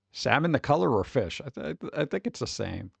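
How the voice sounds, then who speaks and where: A man's voice: mid-range voice, creaky, husky, no echo. An American man chatting casually on a livestream, rambling, laughing often and trailing off. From United States. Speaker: VTuber streamer.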